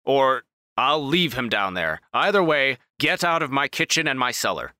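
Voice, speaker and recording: A man's voice: mid-range voice, very animated, moderate pace, sharp tone, clear, resonant tone, no echo, studio quality. A man voicing a skinny, jowly male head chef who scolds intruders out of his kitchen. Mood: scolding. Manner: huffy, indignant scolding.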